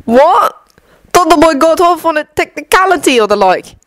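A woman's voice: very high-pitched, expressive, moderate pace, fairly bright tone, no room sound, pitched above the performer's own voice. A woman voicing a scruffy male wizard who drinks at a pub. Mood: surprised.

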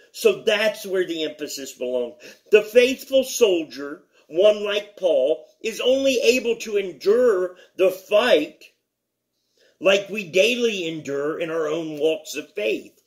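A man giving a devotional Bible teaching, speaking deliberately with repeated phrases and reading scripture aloud with emphasis. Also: high voice, animated.

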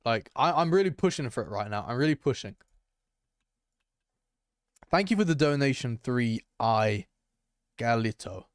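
A young man chatting excitedly to his viewers as he streams a game, reacting loudly and calling out to chat. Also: medium pitch, moderate pace, long pauses, no echo, clean studio sound. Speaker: gaming streamer. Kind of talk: live gameplay commentary.

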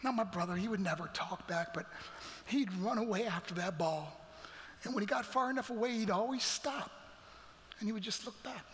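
Middle-aged male guest speaker, high bright voice, dramatic testimony, big church echo. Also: normal speed, a little hiss or hum. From New York. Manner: dramatic, emphatic storytelling with acted quotes. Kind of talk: motivational testimony. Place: large church hall. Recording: reverberant church hall.

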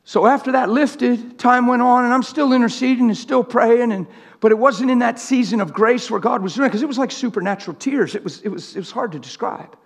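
Impassioned preacher man, high husky voice. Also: fairly quick. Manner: impassioned, swings from loud to hushed. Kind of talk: sermon. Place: church sanctuary.

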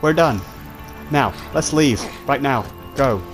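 A man's voice: mid-range voice, lively intonation, slow pace, music in the background. A man giving jittery let's play commentary, swearing and talking straight to his viewers. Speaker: gamer.

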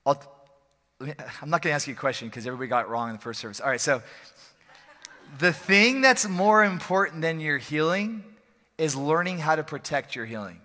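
A male pastor preaching an energetic, joking, conversational sermon in a church service, often repeating phrases for emphasis. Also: on the high side, a little fast. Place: church sanctuary during a service. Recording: long hall reverb from a church.

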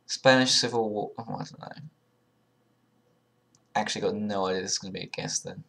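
This young video creator speaks fairly quickly in a lowish voice with vocal fry. Taking an online quiz, he thinks aloud and mutters his guesses, swearing sarcastically and often, with sudden loud outbursts.

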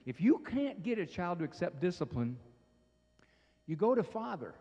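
A man giving a humorous parenting talk to an audience, telling stories with lively voices. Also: sits high, normal speed, big-room sound, lo-fi sound. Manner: animated storytelling, acts out voices. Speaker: speaker on parenting.

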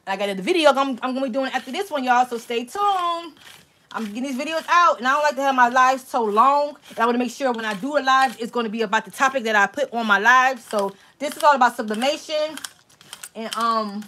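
A woman hosting a casual live-stream crafting tutorial, chatty and excitable, talking straight to her viewers. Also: high-pitched, fairly quick. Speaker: crafting channel host.

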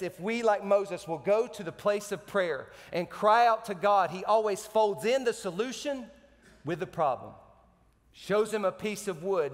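A man preaching a sermon as pastor, animated and joking between slow scripture readings. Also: sits high, big-room sound. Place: church sanctuary.

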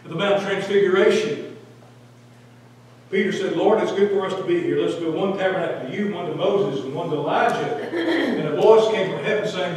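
A man teaching a Bible study in church, quoting verses with animated voices and asking the class questions. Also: on the high side, normal speed, a little hiss or hum. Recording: echoey room taped from a distance.

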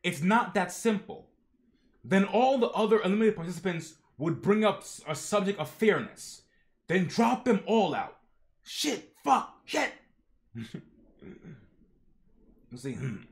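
A young man reads comic panels aloud on a live reaction stream, breaking in with slangy comments. His voice sits high and swings widely in pitch. He takes his time over the lines. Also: big pitch swings, unhurried, long pauses. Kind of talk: reading a webtoon aloud with reactions.

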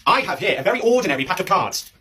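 A man playing a clumsy British amateur magician with theatrical patter and a husky voice, in a comedy sketch. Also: sits high, sing-song, racing, sharp tone, exaggerated voice. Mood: showy. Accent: British English. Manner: theatrical, bossy showman patter.

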